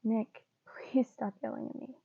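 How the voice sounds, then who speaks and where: A woman's voice: on the high side, fairly even intonation, measured pace, dry recording, muffled recording. A woman reading a tearful young man. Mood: pleading.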